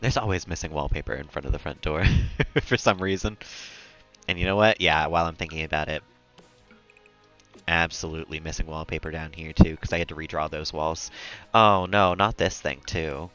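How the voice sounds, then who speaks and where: A man's voice: extremely low pitch, fairly even intonation, moderate pace, a bit bright, dull audio, soft background music. A man live-streaming a game, rambling and chatty, often laughing at his own jokes. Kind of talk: casual gameplay commentary.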